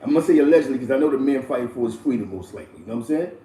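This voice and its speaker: A man's voice: medium pitch, expressive, racing, recorded from a distance. New man, echoey off-mic street talk. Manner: loose, repetitive slang-heavy delivery with frequent shout-outs. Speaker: host. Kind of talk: casual street storytelling commentary. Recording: echoey room, voice a bit off-mic.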